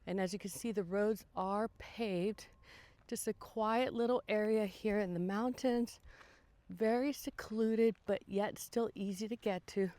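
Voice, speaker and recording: A woman's voice: medium pitch, steady tone, measured pace, mellow, long reverb tail. Chatty woman touring a house. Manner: chatty and enthusiastic, gushing over features. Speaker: real estate agent giving a home tour. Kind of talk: casual walking home-tour narration. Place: outdoors then inside a large house.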